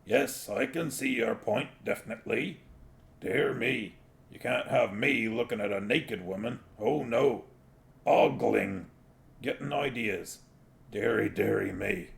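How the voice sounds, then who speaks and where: A man's voice: on the low side, slow pace, vocal fry, full character voice. A man voicing a scruffy, cynical male talking dog who grumbles with mock primness. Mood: grumbling.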